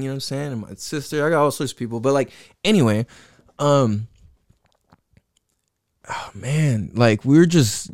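Young guy, casual storyteller, mid pitch, rambling and profane, dry close sound. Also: a little mellow, dry recording. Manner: rambling, profane, heavy with "like" and "you know what I'm saying". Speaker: podcast host telling his story.

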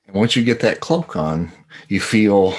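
Deep-voiced man running a tabletop game. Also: animated, a little slow. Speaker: game master.

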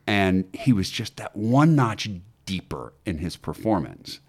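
A man who acts and teaches acting, telling stories in an interview with animated delivery and frequent fillers and restarts. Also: lowish voice, unhurried, husky. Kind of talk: conversational interview storytelling.

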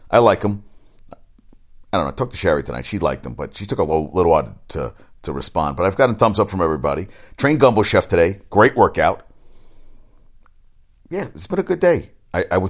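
A deep-voiced man who works as a personal trainer rambles excitably in a casual sports chat monologue. He swears frequently as he talks about sports.

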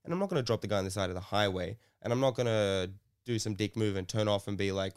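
Fast-talking man telling a story. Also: fairly low pitch, clean tone. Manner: fast, rambling anecdote with swearing and acted quotes. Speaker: comedian guest. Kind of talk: casual storytelling chat.

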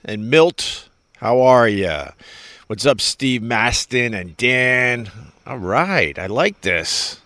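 A man's voice: mid-range voice, expressive, slow, pushed and bright, no room sound, clean studio sound. Loose, profane middle-aged male streamer. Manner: loose, profane, self-mocking, greets viewers by name. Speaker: livestream host reading viewer chat. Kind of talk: casual rambling livestream chat.

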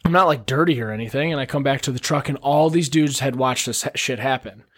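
A man's voice: mid-range voice, quick pace. A man casually telling crude stories and ribbing his friends on a podcast. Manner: crude, storytelling, animated. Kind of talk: casual chat.

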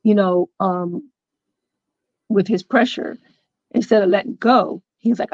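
Speaking fairly quickly in a steady, mid-range voice, this interview guest recounts her personal story on a podcast. She's conversational and loose, leaning on fillers and quoted dialogue, and the recording is muffled with no room sound.

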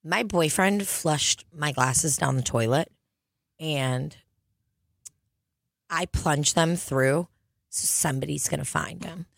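A woman's voice: deep voice, creaky, no echo, clean studio sound. A woman co-hosting a crude comedy chat, laughing often. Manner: laughing, crude, slow-spoken.

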